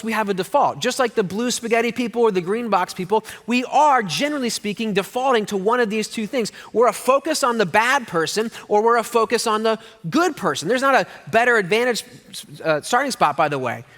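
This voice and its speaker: In a church hall with long reverb, a middle-aged man preaches as pastor, his voice high-pitched and his pace brisk. He tells stories animatedly, mixing in jokes and playful put-on voices.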